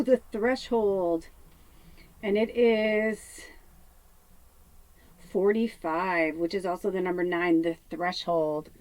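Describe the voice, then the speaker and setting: Woman, chatty medium, casual talk, fillers, mid-pitched. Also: darkish tone, dry recording, rough recording. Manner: chatty, many fillers, drops to a whisper at times. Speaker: psychic medium. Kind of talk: casual spiritual talk to camera. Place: home off grid.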